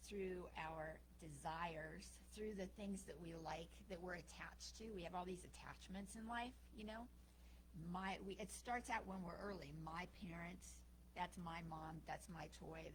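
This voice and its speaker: A woman minister giving a sermon, telling a story and acting out its characters' lines in a lively way. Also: fairly low pitch, a little hiss or hum, poor audio.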